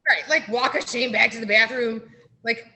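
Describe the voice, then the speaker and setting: Woman, radio guest, high voice, bright tone, storyteller, lots of "like". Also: normal speed, low-quality recording. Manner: lively storyteller, heavy use of "like". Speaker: brewery guest. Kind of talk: animated anecdote on radio. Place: radio studio.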